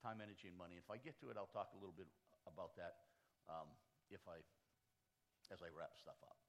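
A man's voice: deep voice, brisk. A man with a Northeastern US accent preaching a sermon to a church conference, stacking short phrases into lists and restarting often. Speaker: pastor addressing a church conference.

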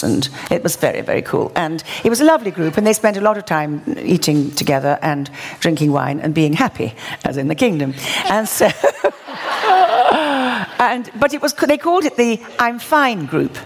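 Woman preacher, slightly low voice, animated storytelling, wry humor. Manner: animated, wry, builds to exclamations. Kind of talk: sermon storytelling.

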